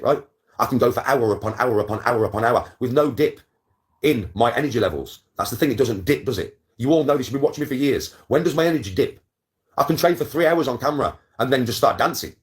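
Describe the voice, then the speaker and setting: A man in his forties, telling a story to his viewers in a boastful, swearing, chatty way. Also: medium pitch. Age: 40s. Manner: boastful, swears a lot, keeps checking in with viewers. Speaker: content creator. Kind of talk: casual storytelling to camera.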